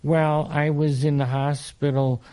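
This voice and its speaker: Older guy in his 60s, slow and halting, lots of uhs, telling old stories in an interview. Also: a little high, flat delivery, dark tone, smooth. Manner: unhurried, halting, lots of fillers and restarts, chuckles. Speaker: interview guest, motivational speaker. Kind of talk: casual storytelling in an interview.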